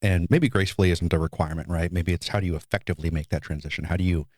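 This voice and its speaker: Deep-voiced thoughtful middle-aged man. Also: fairly even intonation, a little mellow, no room sound, clean studio sound. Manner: thoughtful, measured, builds ideas slowly. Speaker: podcast co-host. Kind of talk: casual podcast conversation.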